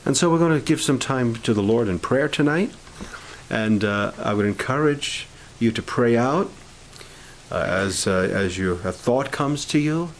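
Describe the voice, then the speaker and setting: A man leading a camp prayer meeting, speaking in an informal, halting sermon style with restarts and growing fervor. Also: medium pitch, lively intonation, a little hiss or hum, rough recording.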